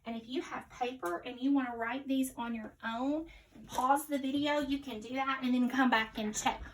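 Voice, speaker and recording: A woman's voice: high voice, moderate pace, distant mic, a little hiss or hum, rough recording. A woman teaching a phonics lesson to young children, sounding out each letter patiently and cheerfully encouraging her viewers as friends. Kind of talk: early-reader phonics lesson.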